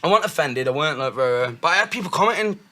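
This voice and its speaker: A man's voice: a little high, fast talker. A man, a guest rapper telling stories in casual chat, swearing often. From Manchester. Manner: animated storytelling, swears often.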